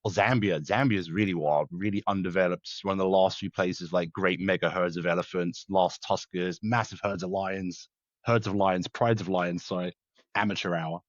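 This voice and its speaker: A man's voice: sits low, fairly even intonation, dry recording, lo-fi sound. A man from England with a British accent tinged by South African speech, a former soldier talking casually and laughing easily in a podcast interview. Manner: chatty and quick, laughs easily. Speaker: guest, former soldier and wildlife conservationist. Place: home in rural South Africa, remote call.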